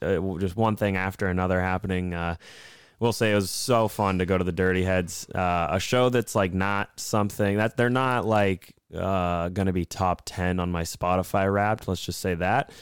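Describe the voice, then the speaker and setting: A man's voice: deep voice, clean tone, no echo, studio quality. A man co-hosting a casual podcast, telling rambling stories full of swearing and laughter. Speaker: podcast co-host. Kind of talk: casual chat.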